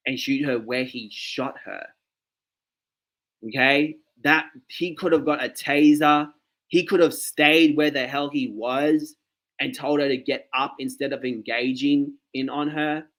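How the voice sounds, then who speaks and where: Male vlogger, mid-pitched, casual ranting reaction commentary. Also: a bit bright. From Australia. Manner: ranting, talks straight to viewers with frequent "okay" and "like".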